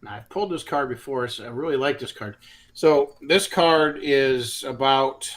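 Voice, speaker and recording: A man's voice: mid-range voice, moderate pace. A man doing a chatty, laid-back tarot reading on a live stream, with frequent restarts. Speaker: tarot reader.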